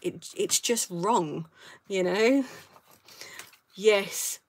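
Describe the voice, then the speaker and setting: Casual rambly london woman doing a live craft stream, laughs a lot, middle-pitched voice. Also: measured pace. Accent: southern English. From south of England, London. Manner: chatty and rambling, laughs often. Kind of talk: casual chat while crafting.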